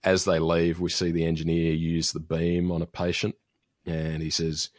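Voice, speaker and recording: A man's voice: low voice, completely flat delivery, normal speed, no echo, clean studio sound. A man casually recapping a TV episode as a podcast host, rambling with fillers and restarts. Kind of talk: casual chat.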